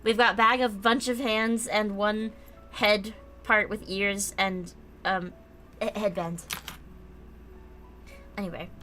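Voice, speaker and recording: Young american woman, crisp bright tone, rambling casual stream chat, faint music underneath. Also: medium pitch, steady tone, slow, long pauses. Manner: chatty and rambling, reads chat aloud, many "like" fillers. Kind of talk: casual livestream chat while building a model kit. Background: faint background music.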